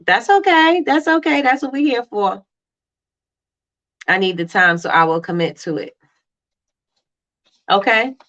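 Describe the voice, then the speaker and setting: Brief: quick, animated woman host of a live business chat, bright voice. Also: mid-range voice, dull audio. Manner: fast-talking, animated, reads out viewer comments. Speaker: livestream host. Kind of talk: casual live-stream chat.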